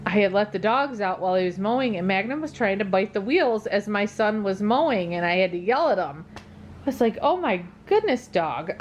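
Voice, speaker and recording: A middle-aged woman chats to her vlog viewers from home. She sounds tired and keeps yawning. She rambles along with plenty of ums in a mid-pitched voice, with a faint noise under it. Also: expressive, fairly quick, dull audio. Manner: chatty and rambling, many ums. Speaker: dog channel vlogger. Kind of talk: casual chat to viewers.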